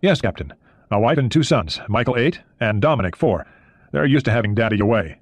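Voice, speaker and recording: A male audiobook narrator reading the lines of a practical American submarine commander, brisk and matter-of-fact. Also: medium pitch, animated, dry recording, natural voice.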